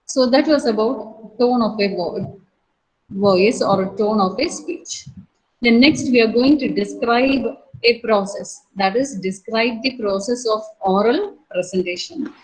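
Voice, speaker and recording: An Indian woman lecturing a college class in a fairly high voice. She explains things slowly and repeats her points. Her talk is full of fillers. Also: rough recording. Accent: Indian English. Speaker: teacher.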